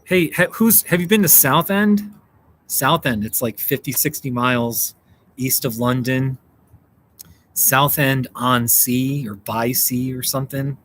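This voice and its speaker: An American man hosting a casual livestream in a middle-pitched voice, calling out viewers by name and laughing often. A faint hum of background noise sits behind him. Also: unhurried, a bit bright. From United States. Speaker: livestream host. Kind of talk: casual livestream chat reading viewer comments. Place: home in Colorado.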